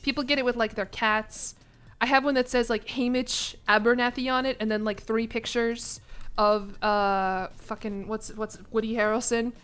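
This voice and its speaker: A woman's voice: a little high, steady tone, moderate pace, fairly bright tone, clear, resonant tone. A young woman streamer chatting casually with her chat from her apartment, laughing often and swearing casually. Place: home apartment.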